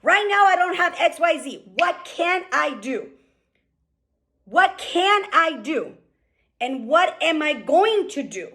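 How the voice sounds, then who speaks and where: Woman, high voice, motivational team call, fast and fired up, keeps asking okay?. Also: big pitch swings, sharp tone. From California. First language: Spanish. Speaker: team leader speaking on a group call. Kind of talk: motivational business talk. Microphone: call microphone.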